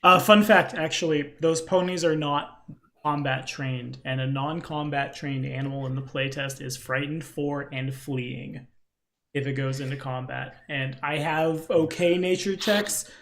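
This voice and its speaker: A man playing a tabletop role-playing game, chatty and excitable, who reads rules aloud quickly. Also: on the high side, gravelly. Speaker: player. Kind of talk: tabletop game play over voice chat.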